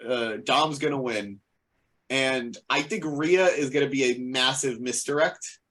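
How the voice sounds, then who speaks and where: A man's voice: mid-range voice, a little slow, a bit bright. A man co-hosting a casual podcast, playful and rambling with jokey asides. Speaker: podcast co-host. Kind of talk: casual chat.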